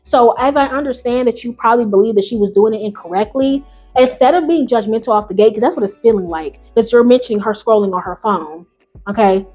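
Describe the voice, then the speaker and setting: Woman, story-reaction host; animated and slangy, loud high bursts then quiet mutters, pitch a bit up. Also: fairly quick, faint music behind. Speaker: YouTube host. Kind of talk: reading and reacting to online stories.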